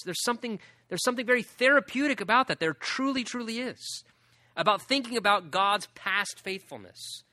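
Bright-voiced man preaching a sermon. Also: a little high, no room sound, clean studio sound. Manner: earnest preaching, acts out the psalmist's pleading questions. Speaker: pastor.

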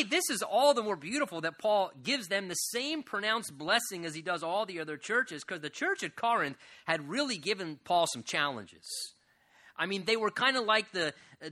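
A pastor preaching an earnest sermon, slowing down to stretch key phrases and letting his voice rise and fall widely. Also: high voice, bright, forceful tone.

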